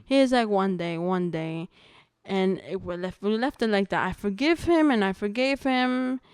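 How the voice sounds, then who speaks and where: A woman's voice: fairly high pitch, smooth, no echo, clean studio sound. Earnest young woman telling her testimony. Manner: earnest storytelling, halting with restarts. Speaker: podcast guest sharing testimony. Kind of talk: personal testimony in casual conversation.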